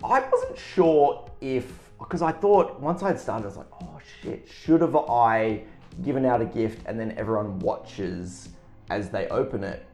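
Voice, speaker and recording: A man's voice: medium pitch, lively intonation, a little slow, a little mellow. A man telling a rambling, self-deprecating story in casual chat, with many restarts. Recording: echoey room with faint music.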